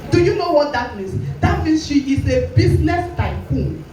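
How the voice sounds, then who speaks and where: A woman's voice: sits high, very animated, moderate pace, dark tone. A woman pastor with a Nigerian English accent preaching a sermon, challenging her listeners directly and acting out quoted voices. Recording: very echoey hall with faint music, voice from a distance.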